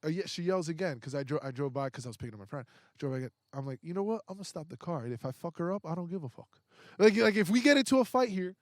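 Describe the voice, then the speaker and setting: A young man with a somewhat high voice tells a story as a podcast guest, swearing freely and acting out what each person said. He restarts his sentences as he gets worked up. The room sounds dry and close. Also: racing, no room sound. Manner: profane, acts out quoted voices; excitable, restarts often. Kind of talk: casual storytelling. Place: indoors, podcast recording.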